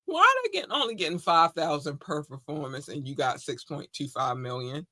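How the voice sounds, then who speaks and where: A woman's voice: low-pitched, big pitch swings, brisk, no echo. A woman co-hosting a casual podcast, effusive and playful, speaking. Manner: bubbly and effusive, shouting out listeners. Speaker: podcast co-host.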